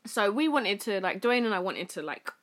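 A woman's voice: mid-range voice, animated, moderate pace, fairly bright tone. Chatty young British woman telling a story. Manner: chatty storytelling, many fillers, acts out quoted speech. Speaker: guest. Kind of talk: casual chat.

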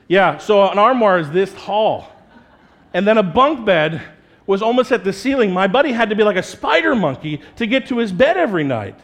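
A man preaching a sermon as pastor, talking in a conversational, animated way and slipping into playful quoted voices. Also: high-pitched, brisk.

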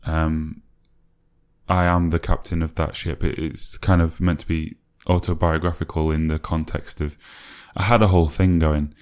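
A man's voice: extremely low pitch, flat delivery, normal speed, darkish tone, smooth. A man, a musician casually reflecting on his own old music, rambling and musing with many fillers and self-corrections.

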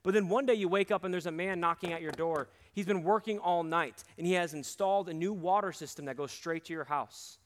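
A young man preaching a sermon to a campus ministry, earnest and emphatic, dropping low and quiet on his key points. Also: a little fast, hardly any pauses. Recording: long hall reverb.

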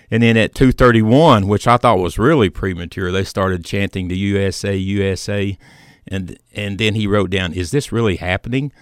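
A man hosting a sports talk show, telling a story in a measured way with plenty of fillers. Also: on the low side, steady tone, clear, resonant tone, no room sound, clean studio sound. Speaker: sports radio host.

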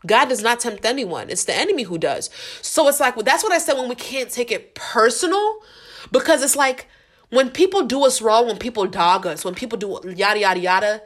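A woman's voice: fairly high pitch, lively intonation, brisk, fairly bright tone. A woman hosting a faith-based podcast in casual, earnest talk, using slang, repeating herself and speaking straight to her listeners. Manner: earnest, repetitive, slangy, addresses listeners directly. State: getting emotional. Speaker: podcast host.

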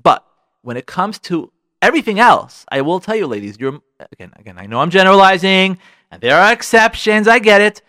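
A man's voice: high-pitched, lively intonation, fairly quick, pushed and bright, no room sound. Frank guy on radio, worked up, voice jumps all over, dry close sound. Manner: frank, worked up, talks straight to listeners. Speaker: radio show host giving marriage advice. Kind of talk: animated advice talk.

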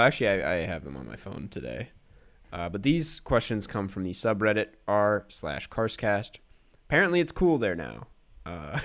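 A man co-hosting a casual podcast. His voice is a little low and swings widely in pitch as he talks. He chats loosely, with frequent laughs and plenty of fillers. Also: a bit bright. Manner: chatty, laughs often, many fillers. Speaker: podcast co-host. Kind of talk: casual chat.

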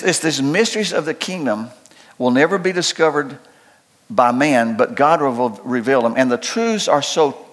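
An older pastor preaches in a folksy, joking way. His voice sits high for a man. He rises into loud preaching and drops into quiet asides. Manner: folksy and humorous, swings between loud preaching and low asides. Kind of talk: sermon.

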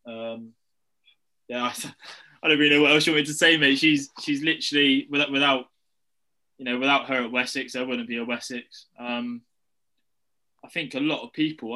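Bright hesitant man chatting as a guest. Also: medium pitch. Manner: hesitant, lots of ums and quick laughs. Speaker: podcast guest, footballer. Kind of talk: casual podcast chat.

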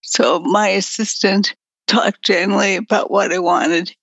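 A woman's voice: mid-range voice, steady tone, a little slow, creaky, fairly bright tone, dry recording. A woman guest in a casual interview with a weak voice that fades in and out, speaking candidly and bluntly. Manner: candid, frank and blunt, with mild swearing. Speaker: guest, artist and writer. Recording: dull lo-fi recording.

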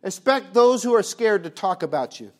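High-pitched emphatic male preacher. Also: lively intonation, moderate pace. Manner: emphatic, rhetorical questions, swings from booming to hushed. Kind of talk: sermon.

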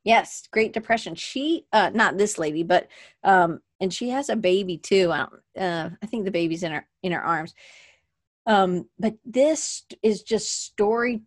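A woman's voice: medium pitch, lively intonation, unhurried, dry recording, studio quality. Chatty woman with a rambling delivery. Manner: rambling, chatty, restarts often; moves around at her desk. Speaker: podcast host. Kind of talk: casual livestream talk. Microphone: webcam at desk.

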